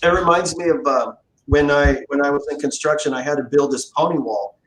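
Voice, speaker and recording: A man's voice: on the high side, a little fast, slight background noise. A man hosting a livestream, telling work stories in a casual, profane way and acting out quoted lines. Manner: animated, profane, acts out quotes. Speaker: livestream host, guitar builder. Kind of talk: casual storytelling chat. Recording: roomy echo.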